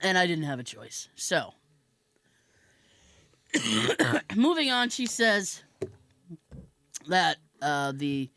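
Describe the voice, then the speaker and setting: A woman hosting a podcast, telling a comic story in a casual, animated way and laughing often. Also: lowish voice, extremely slow, long pauses, dry recording. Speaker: podcast host.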